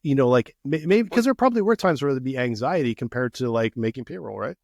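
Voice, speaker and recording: Male podcast co-host, mid-pitched, loose rambling talker full of fillers, dry close mic. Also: fast, vocal fry, no room sound. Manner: rambling, many fillers like "like" and "you know", animated asides. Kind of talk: casual chat.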